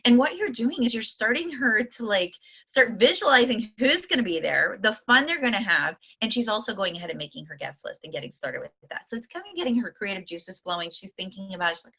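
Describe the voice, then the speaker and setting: A woman from Akron, Ohio, coaching sales consultants. She talks in a chatty, rambling way and acts out little dialogues. Her voice is bright and forceful, and the recording sounds a bit dull. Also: mid-range voice, expressive, brisk. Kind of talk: casual coaching talk.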